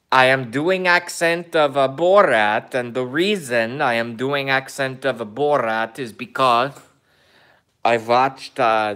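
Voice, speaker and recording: A man putting on a mock Kazakh accent, playing a crude, bragging foreigner in slow, halting broken English. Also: mid-range voice, sharp tone. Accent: put-on mock Kazakh accent. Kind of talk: comedic impression in a vlog.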